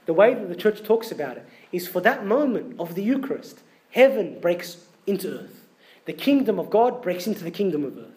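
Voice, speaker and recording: Male preacher, high voice, conversational sermon, asks the congregation questions. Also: a little mellow. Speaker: priest.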